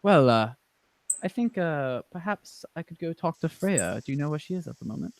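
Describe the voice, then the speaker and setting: A man's voice: fairly high pitch, animated, moderate pace, pitched above the performer's own voice. A man playing a charming half-elf rogue who talks politely and hesitantly in a tabletop game.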